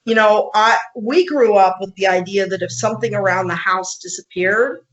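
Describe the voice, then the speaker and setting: A woman podcast host telling an animated story in casual conversation, laughing often and acting out what people said. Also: mid-range voice, normal speed, lo-fi sound.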